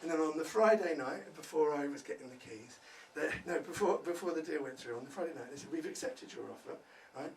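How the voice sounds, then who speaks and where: A man's voice: on the high side, fast, hardly any pauses, echoey room. A male stand-up comedian doing a swearing crowd-work set, tagging lines with "right?" before a laughing audience. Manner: loud, swearing, crowd-work banter with many "right?" tags. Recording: distant mic, audible room ambience.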